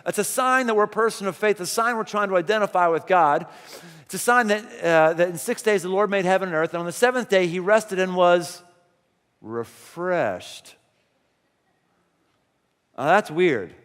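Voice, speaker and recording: A man's voice: high-pitched, animated, normal speed, fairly bright tone, clean tone. A man pastor preaching a conversational sermon in a large church, full of rhetorical questions. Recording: long hall reverb.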